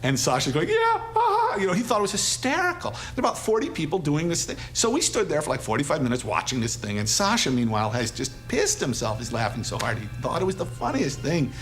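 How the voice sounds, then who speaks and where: A man's voice: mid-range voice, big pitch swings, quick pace, few pauses, soft background music. A man in an interview, animatedly recounting a story with amusement.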